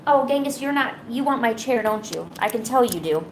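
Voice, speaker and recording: A sick woman streaming her drawing, chatting softly to her pets and cooing at them. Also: a little high, expressive, fairly quick, a little hiss or hum, poor audio. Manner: soft, cooing pet talk. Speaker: art streamer. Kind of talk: casual chat to her pets while drawing. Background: faint music.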